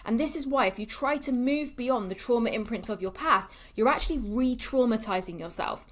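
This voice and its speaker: A woman's voice: on the high side, fairly quick, a bit bright. A woman, a coach speaking to camera in a candid, emphatic monologue that swears freely and repeats for effect.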